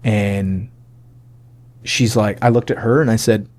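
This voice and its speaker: 40s guy, lowish voice, telling his life story on a podcast, casual, acts out the quotes. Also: a little slow. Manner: animated, acts out quoted dialogue; casual, many fillers like "like" and "you know". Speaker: podcast guest, army sergeant major. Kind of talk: personal testimony storytelling.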